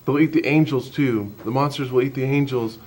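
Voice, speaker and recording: A man's voice: medium pitch, fairly quick, a little mellow, voice pushed up, close to an everyday voice. A man voicing his frightened two-year-old daughter in an anecdote, with an insistent childlike whine. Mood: insistent, fearful.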